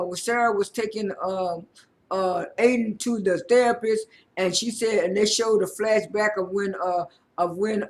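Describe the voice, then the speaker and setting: A man casually recapping a reality show episode, halting often with fillers and repeated words as he retells who said what. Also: high-pitched. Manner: retells scenes by quoting people.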